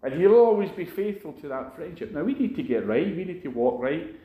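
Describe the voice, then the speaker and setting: A man preaching a sermon, his voice sitting a little high for a man as he recounts a personal story. His delivery is earnest and conversational, full of asides to the congregation. The sound rings around an echoey room. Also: lively intonation, a little fast, narrow, tinny audio. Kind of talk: sermon testimony.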